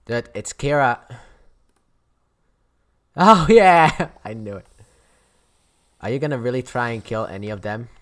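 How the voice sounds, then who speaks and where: A young man commentating a game casually, excitable, swinging from muttering to yelling and swearing. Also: medium pitch, measured pace, long pauses. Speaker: gameplay commentator.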